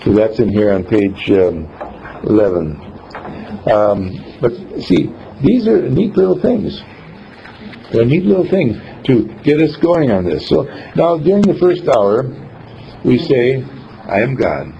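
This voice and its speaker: A man's voice: mid-range voice, sing-song, a little slow, gravelly, dark tone. A man giving an informal spiritual teaching, telling rambling, folksy stories with chuckles between points. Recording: dull lo-fi recording with faint background noise.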